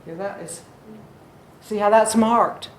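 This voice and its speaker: Woman teacher, slow and deliberate, echoey classroom, heard from across the room. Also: medium pitch, far from the mic, a little hiss or hum. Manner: chatty, draws out words to demonstrate stress. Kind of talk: classroom lecture on poetry. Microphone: distant recorder.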